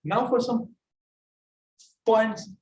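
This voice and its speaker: A man with a Pakistani English accent evaluating a speech at a club meeting, halting and repeating his words often. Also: high voice, a little mellow. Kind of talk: giving spoken feedback at a club meeting. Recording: echoey room from far off, faint noise.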